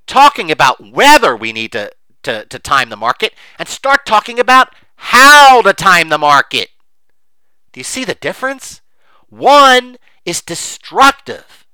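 Middle-aged man, fairly high and very bright voice, emphatic rambling commentator, dry close mic. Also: smooth, dry recording. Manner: animated, emphatic, rambling with many fillers. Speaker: investing commentator. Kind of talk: unscripted monologue.

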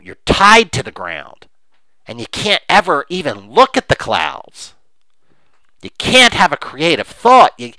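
A man's voice: a little high, pushed and bright, dry recording, poor audio. A man hosting a podcast, arguing emphatically and impassioned, with frequent restarts. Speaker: podcast host. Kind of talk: opinionated podcast talk.

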